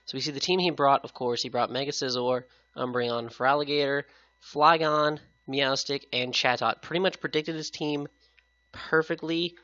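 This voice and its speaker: A man talking through a competitive game match in a casual, chatty way, his voice bright and a little sick-sounding. It comes through a headset mic with a dull, lo-fi sound. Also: mid-range voice, steady tone, normal speed. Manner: casual, upbeat, chatty with viewers. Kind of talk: casual gameplay commentary.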